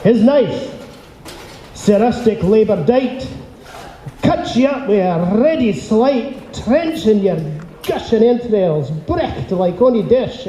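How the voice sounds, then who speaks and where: A man's voice: sits high, expressive, slow, mellow, slight background noise. A man with a Scottish accent addressing a dinner crowd, then reciting a poem in a rolling, declamatory way. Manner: rolling, declamatory delivery with audience cues. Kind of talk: theatrical poetry recitation and audience address. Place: banquet hall at a dinner event. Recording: roomy hall echo, faint ambience.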